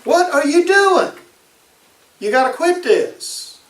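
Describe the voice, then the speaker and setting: Fed-up husband scolding his wife , done by a preacher, voice jumps up high, echoey from afar. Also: big pitch swings, slow, far from the mic, full character voice. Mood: exasperated. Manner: incredulous, scolding questions. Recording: echoey room, voice from off-mic.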